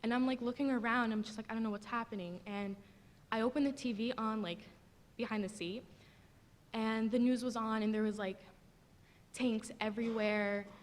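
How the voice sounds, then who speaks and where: A young woman from the audience telling a personal story, halting and tearful, with many fillers. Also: fairly high pitch, steady tone. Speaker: audience member. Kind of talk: emotional personal testimony. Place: large theater.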